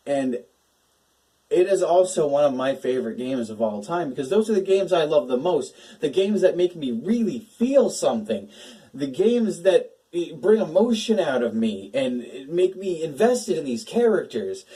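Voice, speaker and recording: A young man with a slightly high, mellow voice hosts a casual gaming talk for his channel, emotional and swearing, laughing between words. The mic is distant and the recording rough.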